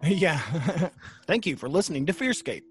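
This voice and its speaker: Male podcast host with a slightly high, lively voice, casual and animated, quick to laugh. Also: soft background music. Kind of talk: casual chat.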